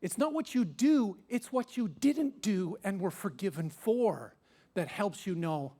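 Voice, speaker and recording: A man, preaching a sermon as pastor with animated, emphatic storytelling. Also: a little slow. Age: 50s. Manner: animated, emphatic storytelling with sudden rises in pitch and loudness.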